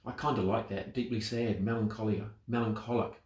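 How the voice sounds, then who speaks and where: A man's voice: fairly low pitch, steady tone, a little fast, darkish tone. Reflective man in an echoey room. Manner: reflective, asks rhetorical questions. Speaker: speaker on mental wellbeing. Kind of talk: motivational talk to camera.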